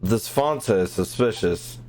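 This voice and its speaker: A man giving joking, profane let's-play commentary as a gaming streamer, loud and bantering. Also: fairly low pitch, animated, a little slow, soft background music.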